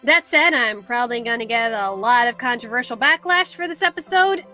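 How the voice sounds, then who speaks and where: Bright, high-pitched American woman host. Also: animated, brisk, faint music behind. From United States. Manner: chatty and self-deprecating. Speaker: podcast host. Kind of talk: casual solo podcast talk.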